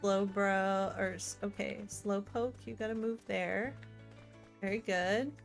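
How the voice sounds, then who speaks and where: A woman streaming a game in casual let's-play commentary. She is chatty and excitable, and she swings between gushing and muttering to herself. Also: medium pitch, slow, vocal fry, faint music behind. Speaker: gaming streamer.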